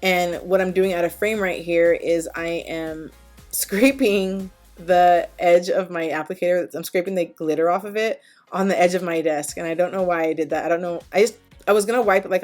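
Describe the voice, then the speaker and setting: A woman's voice: on the low side, steady tone, brisk, darkish tone, faint music behind. A woman chatting casually as a beauty vlogger, rambling and self-deprecating with lots of fillers. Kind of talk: casual voice-over chat. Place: home, at her desk.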